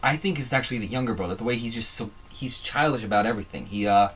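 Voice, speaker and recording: A man's voice: medium pitch, fast talker, a bit bright, slight background noise. A man hosting a casual fan commentary video, rambling and digressive, often trailing off and restarting his sentences. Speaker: video host.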